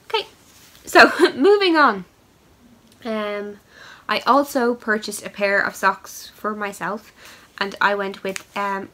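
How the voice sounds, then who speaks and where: A woman's voice: mid-range voice, fairly bright tone, slight background noise, low-quality recording. A woman hosts her knitting podcast in a loose, chatty way. She rambles and pokes fun at herself, filling gaps with ums and uhs, in a mid-range voice. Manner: chatty, rambling, self-deprecating with fillers. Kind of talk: casual chat showing yarn.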